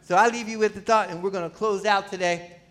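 A man preaching a sermon as pastor, calling questions out to the congregation and swinging from pleading cries to low, quiet lines. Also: fairly even intonation, fast. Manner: pleading, rising to near-shouts, then dropping low. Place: church.

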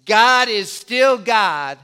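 Emphatic high-voiced pastor preaching. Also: male voice, lively intonation, drawn-out words, sharp tone, clear, resonant tone. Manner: emphatic, repeats words, acts out quoted voices. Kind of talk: sermon.

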